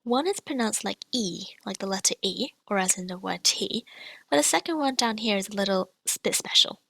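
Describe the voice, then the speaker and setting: A woman language teacher explaining pronunciation in a clear, patient, scripted lesson, demonstrating each sound. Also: mid-range voice, expressive, fairly quick, sharp tone, dry recording.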